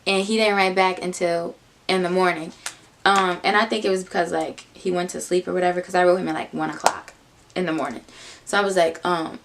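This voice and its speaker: A young woman telling a casual personal story, animated, dropping into low muttered asides. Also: fairly quick, slight background noise. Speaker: vlogger.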